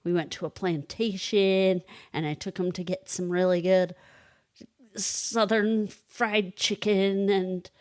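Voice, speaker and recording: A woman's voice: mid-range voice, steady tone, takes it slowly, clean tone, no room sound. A woman co-hosting a podcast, chatting casually and telling stories with frequent laughs. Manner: chatty storyteller who laughs often. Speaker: podcast co-host and kindergarten reading teacher. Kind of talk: casual chat.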